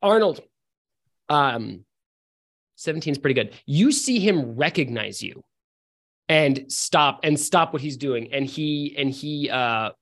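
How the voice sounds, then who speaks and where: A man narrating a tabletop role-playing game as game master, halting with many fillers and restarts. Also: a little high, animated, a bit bright.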